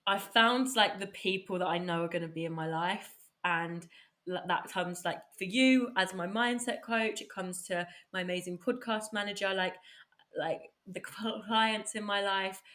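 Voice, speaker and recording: A woman hosting a podcast in casual chat, bubbly and enthusiastic and quick to laugh. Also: medium pitch, fairly bright tone. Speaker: podcast host.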